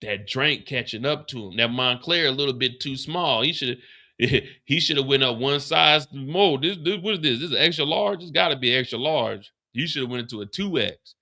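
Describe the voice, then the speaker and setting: Male host for a casual recap stream, animated and cussing freely, bright forceful voice. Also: mid-range voice, moderate pace. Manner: animated, profane, slangy. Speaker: livestream host.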